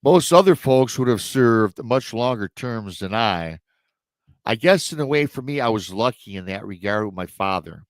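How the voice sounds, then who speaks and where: A man's voice: fairly low pitch, expressive, normal speed, no room sound. Rambling male storyteller with dry sound. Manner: rambling, conversational asides to the audience. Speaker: host and storyteller. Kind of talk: casual retelling of a listener's story.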